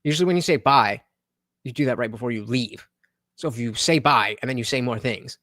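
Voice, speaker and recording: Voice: mid-range voice, fairly quick, fairly bright tone, dry recording. A live-stream host giving sarcastic commentary on clips and thanking viewers for donations.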